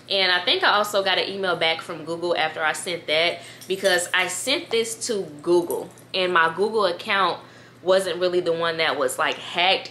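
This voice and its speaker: A young woman in her twenties talking casually to camera as a YouTuber, chatty and animated, reading emails aloud and calling her viewers "girl.". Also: fairly low pitch, a little hiss or hum. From United States. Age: 20s. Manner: reads emails aloud, trails off with "da, da, da".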